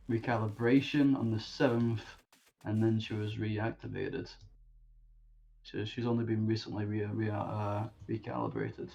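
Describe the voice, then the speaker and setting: A man voicing a weary, dutiful veteran male detective in a tabletop game, speaking in a measured, hesitant way. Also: on the low side, creaky, darkish tone, highs cut off. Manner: measured, hesitant speech with restarts. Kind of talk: tabletop role-play in character.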